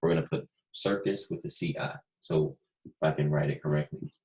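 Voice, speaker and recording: A man teaching a recorded first grade phonics lesson, slow and patient, repeating steps and asking young pupils questions. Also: very deep voice, fairly even intonation, a little mellow, rough recording.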